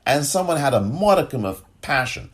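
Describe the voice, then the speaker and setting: A man giving impassioned political commentary, angry and sarcastic, often rising in pitch as he rants. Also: sing-song, fairly quick.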